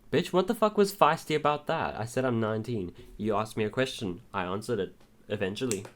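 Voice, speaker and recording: Young guy reacting to ai chats, dramatic and swearing, lowish voice. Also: lively intonation, a little fast, a bit bright. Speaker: video creator. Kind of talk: casual reaction commentary.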